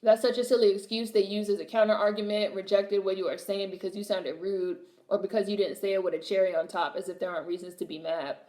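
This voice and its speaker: A woman's voice: mid-range voice, steady tone, fast talker, few pauses, warm tone. Blunt, sassy young woman streaming in an echoey room. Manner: blunt, sassy, swears freely, repeats punchlines. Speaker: livestream host reading chat. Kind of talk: casual livestream chat.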